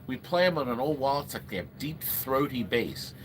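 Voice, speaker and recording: A man's voice: mid-range voice, very animated, moderate pace. A middle-aged man hosting a casual livestream, chatting in a rambling way and greeting viewers by name. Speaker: livestream host selling arcade games. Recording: noisy room ambience.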